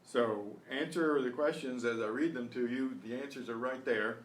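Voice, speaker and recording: A man teaching a beginners' Spanish class online, explaining patiently and repeating each phrase slowly. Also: mid-range voice, distant mic. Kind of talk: online beginner language lesson. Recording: roomy echo with faint noise.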